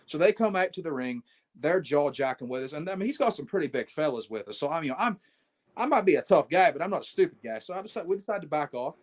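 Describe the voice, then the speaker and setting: A man's voice: a little high, lively intonation, fast talker. A brash young man, a wrestling champion, telling swaggering stories in a casual interview and calling people mate.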